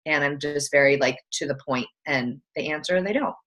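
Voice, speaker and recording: A woman's voice: sits low, fairly bright tone. A woman team coach talking casually in an interview, blunt and to the point, with lots of "like" fillers. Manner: blunt, fast, filler-heavy talk.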